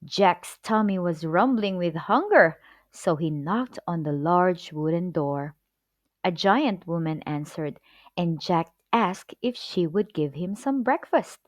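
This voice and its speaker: A woman reading a children's story aloud, with an expressive, clear storybook delivery. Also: lowish voice, slow, dry recording, clean studio sound.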